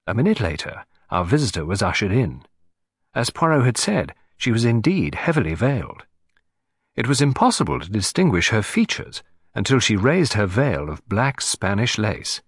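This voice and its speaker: A man narrating an audiobook in the first person, with a measured, dry storytelling manner on a close microphone. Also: fairly low pitch, big pitch swings, husky, dry recording.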